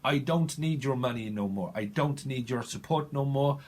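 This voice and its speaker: A man voicing a menacing, defiant male street gangster who swears and threatens in clipped slang, with a husky voice. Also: mid-range voice, normal speed, fairly bright tone, lightly acted.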